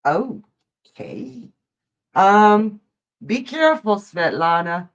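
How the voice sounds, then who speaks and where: A woman hosts a live tarot stream, talking slowly and chattily as she answers viewers' questions. The audio is dull and lo-fi, like a home stream mic. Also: mid-range voice, lively intonation. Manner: chatty, laughs often, reads viewers' questions aloud. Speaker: psychic livestream host.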